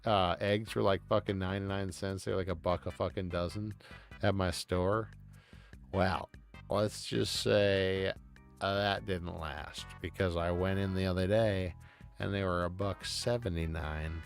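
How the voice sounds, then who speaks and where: Chill streamer dude, gravelly voice, cussing a lot, rambling chat, bit of music in the back. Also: male voice, sits low, steady tone, a little slow. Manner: laid-back, swears a lot. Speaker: live streamer.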